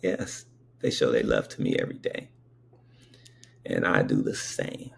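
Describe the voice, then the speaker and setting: A man in his fifties recalls childhood memories in a meandering, conversational way, often turning aside to address the listener. His bass voice is creaky and unhurried with big pitch swings, and there's a little hiss or hum. It's a storyteller's casual spoken recollection.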